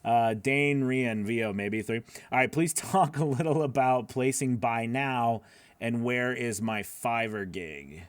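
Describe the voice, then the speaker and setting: A man's voice: mid-range voice, takes it slowly, no room sound. A man hosting a live voiceover class, answering viewer questions in a loose, chatty way, with lots of fillers and laughing at himself.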